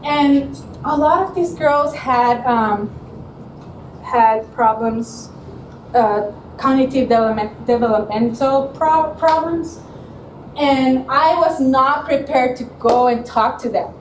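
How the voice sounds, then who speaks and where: A woman's voice: sits high, slow, a little hiss or hum. A woman student giving a presentation at a showcase, telling stories with animation, often laughing and acting out what people said. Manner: animated storyteller, laughs often, acts out quotes. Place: presentation room. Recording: echoey room, mic from far off.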